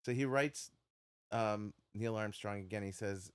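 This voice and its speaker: A man's voice: fairly low pitch, measured pace, clean tone, no echo. A man telling a funny anecdote in casual podcast chat, laughing at his own punchlines.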